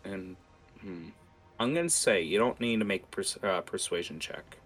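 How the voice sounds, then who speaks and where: A young man narrates a tabletop game as its game master in a deep, low voice with a bright, forward edge. He rambles, fills gaps with "like" and "uh", and swears casually. Faint music plays behind him. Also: moderate pace.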